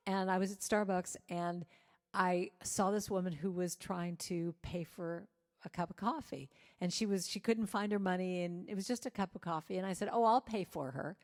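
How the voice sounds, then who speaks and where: Low-voiced woman telling a sermon story. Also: moderate pace. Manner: animated storyteller acting out quoted voices. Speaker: guest speaker at a church service.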